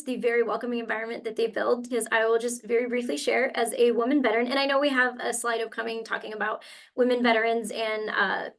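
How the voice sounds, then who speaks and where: A young woman speaks on a video-call webinar panel, her voice sitting a little high. She tells her story in a heartfelt, animated way, full of small fillers and restarts. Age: young adult. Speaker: webinar panelist from a university career center.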